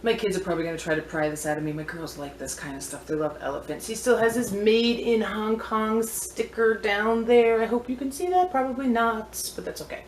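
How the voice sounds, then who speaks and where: This antiques seller talks fairly fast at a medium pitch, barely pausing as she shows off her vintage finds. Her vlog is casual, chatty, playful and rambling, recorded in an echoey room with slight background noise.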